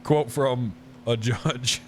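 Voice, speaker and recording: A man's voice: medium pitch, extremely slow, slight background noise. A man chatting casually with his livestream viewers. He swears freely, laughs often and works himself up into mock outrage.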